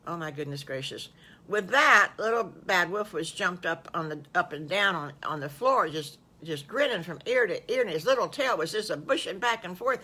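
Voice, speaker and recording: Folksy grandma telling a children's story. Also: female voice, fairly low pitch, normal speed. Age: older. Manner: animated, folksy exclamations. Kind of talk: improvised bedtime storytelling to children.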